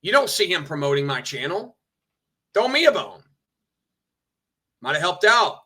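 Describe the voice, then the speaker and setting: Petty streamer guy, sharp high voice, mocking and cussing. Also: sing-song, unhurried, slightly rough. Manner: petty, indignant, swearing, mocking. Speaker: streamer reacting to clips. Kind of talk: ranting commentary.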